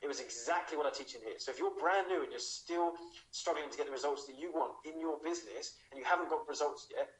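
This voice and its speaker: A man with an English accent giving an emphatic online sales pitch as a webinar presenter, tossing in rhetorical questions and a habitual "okay?". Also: fast, rough recording.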